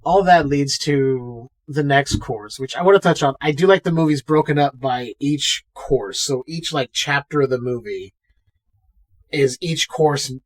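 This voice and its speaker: A man co-hosting a podcast, chatting casually and profanely about a movie and acting out the characters' lines. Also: medium pitch. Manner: profane, acts out characters with quick voices. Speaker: podcast co-host. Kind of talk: casual movie review chat.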